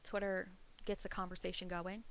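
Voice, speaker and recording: A woman's voice: on the low side, little pitch movement, moderate pace, slight background noise, poor audio. Rambling woman streamer chatting casually. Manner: rambling, self-interrupting, laughs often. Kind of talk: casual livestream chat.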